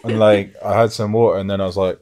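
A man hosting a podcast, telling a story in a relaxed way with frequent laughs. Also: lowish voice, quick pace. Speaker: podcast host. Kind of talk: casual podcast chat.

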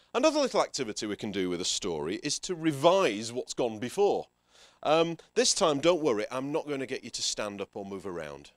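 A man runs a teacher workshop in front of a live audience, and his voice swings up and down with lively energy. He hands out instructions and tosses in playful asides, close and dry on the mic. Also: medium pitch, dry recording. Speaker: teacher trainer presenting a workshop. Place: conference room with a live audience.

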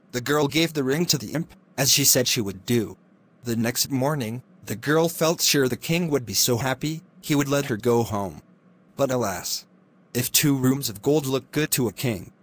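A man narrating a classic fairy tale in a steady, clear reading voice. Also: medium pitch. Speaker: storyteller.

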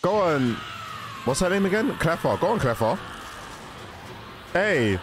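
A young man giving a casual, excited reaction commentary, often exclaiming and cutting himself off mid-sentence. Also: a little high, measured pace, over music. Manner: exclaiming, self-interrupting, laughing. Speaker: reaction video host.

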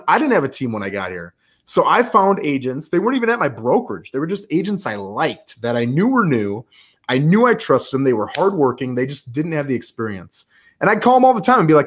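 A man speaking as a podcast guest, a real estate agent explaining his follow-up routine in an energetic, rambling way. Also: medium pitch, fast talker. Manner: energetic, rambling, acts out quoted calls. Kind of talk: conversational interview.

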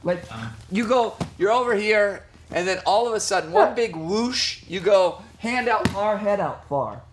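A man's voice: high-pitched, measured pace, noisy background. A man teaching a jiu-jitsu class over a video call, teasing students between technique corrections. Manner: joking, teasing coach giving technique corrections. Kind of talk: online class instruction.

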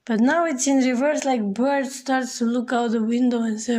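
A woman's voice: on the high side, fairly even intonation, normal speed, hardly any pauses, darkish tone. A woman giving a casual tarot reading, speaking straight to the viewer and filling her talk with "like" and "you know". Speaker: tarot reader.

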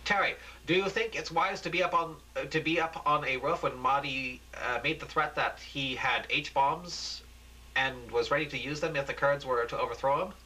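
A man's voice: a little high, moderate pace, pushed and bright, poor audio. Michelle, a man voicing an anxious female news anchor. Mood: questioning. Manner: urgent, pleading.

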